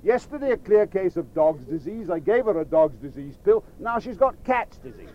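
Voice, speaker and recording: A man voicing a kindly, puzzled male country cow doctor who speaks calmly and plainly. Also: high-pitched, moderate pace, muffled recording.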